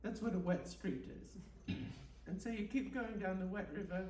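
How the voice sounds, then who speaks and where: A woman leading an absurd, deadpan guided meditation and chatting with the host at a live bookstore event. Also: mid-range voice, moderate pace. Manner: deadpan absurdist, rambling with fillers. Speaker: guest performer. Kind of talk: comic improvised guided meditation and chat. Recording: roomy and distant, faint background noise.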